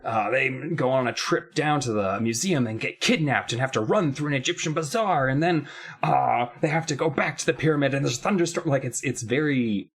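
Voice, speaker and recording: A man co-hosting a podcast, reviewing a book in casual chat, rambling and emphatic, getting animated when he complains. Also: medium pitch, brisk, slightly rough. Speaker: podcast co-host.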